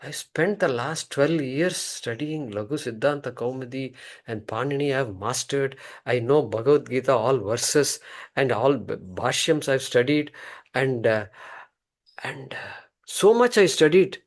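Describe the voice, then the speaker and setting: A man voicing a proud scholar who broods in a quiet inner monologue. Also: medium pitch, expressive, unhurried. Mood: brooding.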